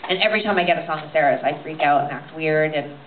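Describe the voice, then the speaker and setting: A woman's voice: deep voice, fast, slight background noise. A young woman musician answering audience questions on stage, telling rambling jokes and stories. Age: young adult. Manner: joking, rambling storyteller. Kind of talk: casual on-stage chat. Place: large cinema, indoors. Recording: tinny, echoey audience tape with loud crowd.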